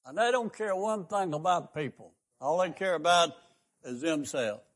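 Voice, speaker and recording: A man's voice: fairly high pitch, lively intonation, normal speed. An older man, preaching a fervent sermon as a radio pastor and host, stressing his points with rising questions.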